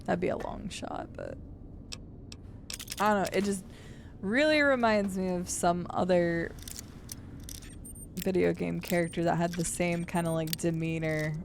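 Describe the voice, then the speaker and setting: A young woman streams a game and chats casually, thinking out loud and greeting viewers by name. Her voice has a gravelly edge, and a steady hiss sits under her desk mic. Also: on the low side, measured pace, pauses often. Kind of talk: casual chat while gaming.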